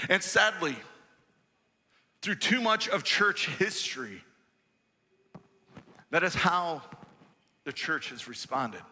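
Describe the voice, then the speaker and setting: A male pastor preaching a sermon in a church sanctuary, measured and emphatic with rhetorical questions. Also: on the high side, sing-song, sharp tone, long reverb tail.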